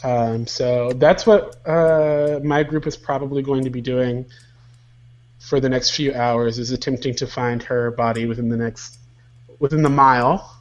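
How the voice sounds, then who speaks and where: A man of medium pitch playing his character in a tabletop game. He rambles and hesitates, chuckling as he goes. His mic sounds somewhat dull and lo-fi. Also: fairly even intonation. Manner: rambling, halting, chuckles through lines. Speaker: player. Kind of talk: in-character tabletop play over a voice call.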